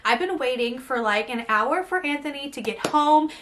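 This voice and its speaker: Giddy high bright woman. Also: expressive, moderate pace, slight background noise. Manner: gushing, breathless and giddy. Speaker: beauty vlogger. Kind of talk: excited unboxing vlog.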